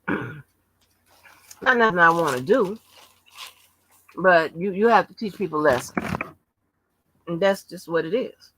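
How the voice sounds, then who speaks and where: A woman hosting a casual livestream, talking bluntly and combatively with frequent swearing and halting restarts. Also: lowish voice, expressive, a bit bright, breathy edge, no room sound, rough recording. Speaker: livestream host.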